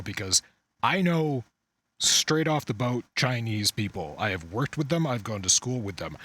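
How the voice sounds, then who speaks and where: A man hosting a loose podcast chat, his pitch swinging widely as he talks. He swears freely and laughs a lot, keeping things casual. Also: fairly bright tone, no room sound. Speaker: podcast host.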